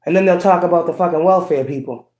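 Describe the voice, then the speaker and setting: A woman hosting a casual ranting monologue, blunt and profane, laughing between points and swinging from slow low tones to sharp high outbursts. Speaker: spiritual livestream host. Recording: echoey room.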